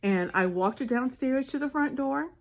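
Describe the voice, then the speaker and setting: A woman casually telling a family story and giving parenting advice, animated and acting out the dialogue. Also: high-pitched, normal speed. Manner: animated retelling with voiced dialogue. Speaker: parenting vlogger. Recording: dull lo-fi sound.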